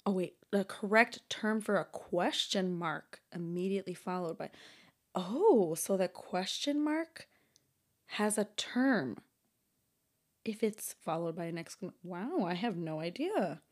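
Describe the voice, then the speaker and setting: A young woman vlogging alone through a quiz, chatting casually to viewers, thinking out loud, stumbling over hard words and often breaking into giggles. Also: fairly low pitch, expressive, a little slow. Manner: giggly, bursts into loud laughter. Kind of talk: casual chat to camera.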